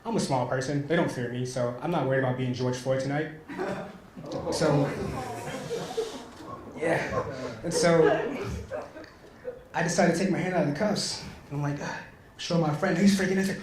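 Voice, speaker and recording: A man's voice: a little high, fairly quick, pauses often, crowd noise. A man performing a stand-up comedy set, telling a story and often laughing at his own jokes. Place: small comedy venue stage. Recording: echoey room with faint noise.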